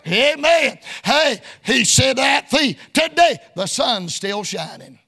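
A male preacher delivering a sermon in a sing-song cadence, often shouting, with folksy colloquial phrasing. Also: extremely high pitch, expressive, slow pace.

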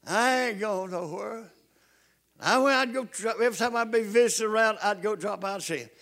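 An older man preaching a folksy sermon, dropping to hushed storytelling and rising to loud calls to his listeners. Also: sits high, quick pace. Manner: repeats calls to the congregation.

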